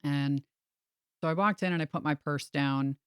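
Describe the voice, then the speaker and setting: A woman's voice: low voice, normal speed, smooth, dry recording, studio quality. A woman who works as a realtor, telling a story in a casual chat and acting out the people she quotes. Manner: animated, acts out quoted voices. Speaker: realtor and podcast host.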